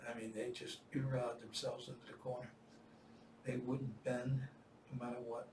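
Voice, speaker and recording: An older man tells a long story in a casual, lively way, now and then acting out the voices he quotes with loud bursts. He sounds set back from the mic in an echoey room, with a faint noise underneath. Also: mid-range voice, normal speed, far from the mic. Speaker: Marine veteran storyteller.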